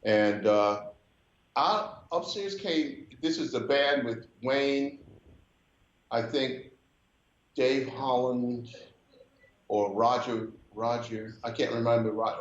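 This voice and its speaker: A man's voice: mid-range voice, steady tone, slow, slight background noise. An older man from Brooklyn, New York, who is a guest telling a story in a conversation and often mimics other people's voices. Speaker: guest musician. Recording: slightly muffled, roomy recording.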